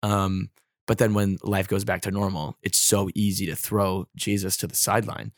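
A man's voice: fairly low pitch, flat delivery, normal speed, dry recording, clean studio sound. A young man in his twenties, a podcast guest chatting casually, with lots of "like" and "um" fillers. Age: 20s. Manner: rambling, heavy on fillers like "like" and "um". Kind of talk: casual chat.

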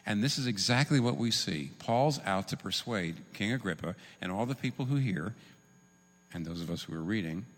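A man preaching a sermon, teaching in an animated, humorous way with quick asides. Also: deep voice. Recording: long reverb in a large hall.

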